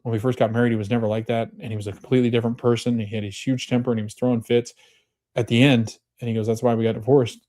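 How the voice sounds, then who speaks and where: A man hosting a podcast, casually recapping a TV episode and retelling scenes as quoted dialogue, his voice jumping up when he gets excited. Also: mid-range voice, very fast. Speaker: podcast host.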